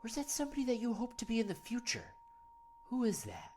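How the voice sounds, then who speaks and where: A man hosting a parody guided meditation, rambling and earnest, often soft-spoken. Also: very high voice, wildly swooping pitch, quick pace, a little hiss or hum. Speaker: host.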